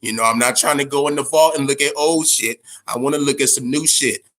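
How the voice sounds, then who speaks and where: A man hosting a boxing talk show, ranting in a profane, casual way, stammering and swinging between a low grumble and loud outbursts. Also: fairly even intonation, brisk. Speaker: boxing podcast host.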